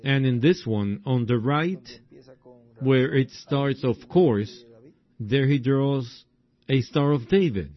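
A man preaching a sermon in a slow, drawn-out way, breaking into exclamations. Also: mid-range voice, expressive. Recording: dull lo-fi recording.

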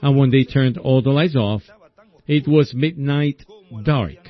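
A man preaching a sermon in a slow, folksy storytelling way, often asking his listeners "see?". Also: medium pitch, dry recording. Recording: dull lo-fi recording.

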